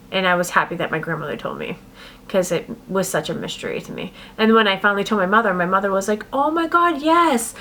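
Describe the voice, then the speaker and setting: A woman's voice: mid-range voice, a bit bright. A young woman telling her personal story to camera in a rambling, casual way, with sudden vocal tic outbursts. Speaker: vlogger.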